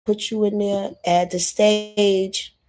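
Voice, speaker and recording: A woman from New York hosting a casual live stream, talking straight to her viewers in a lively way. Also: medium pitch, slow pace, faint music behind. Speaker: livestream host. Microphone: phone or computer mic.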